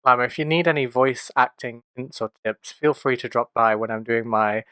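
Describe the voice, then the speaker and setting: A man's voice: medium pitch, normal speed, bright, forceful tone, clean tone, no echo. A man co-hosting a gaming podcast, with a light Mancunian twang, joking with self-mocking boasts. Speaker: podcast co-host. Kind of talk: casual podcast chat.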